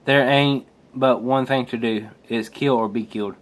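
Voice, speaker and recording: A man reading as a gruff brawler hero. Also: mid-range voice, fairly even intonation, normal speed, close to an everyday voice. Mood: blunt.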